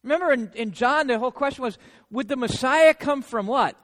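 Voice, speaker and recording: Male preacher, high voice, conversational sermon, long echoing hall. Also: fairly quick, a bit bright. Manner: conversational, often checks in with "right?". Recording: long reverb of a large hall.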